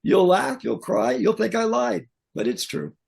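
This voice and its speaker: Gravelly older man telling blunt stories. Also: high voice, a little slow. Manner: blunt, joking, animated anecdotes. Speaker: guest, pyrotechnics technician. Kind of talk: casual storytelling interview.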